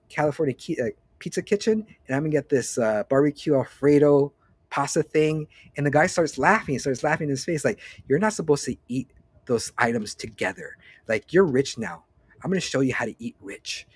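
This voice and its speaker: A male podcast host around forty, somewhere in his late 30s to early 40s, gives a casual solo update in a mid-range, slightly rough voice with no echo. He rambles and swears freely, often breaking off mid-sentence.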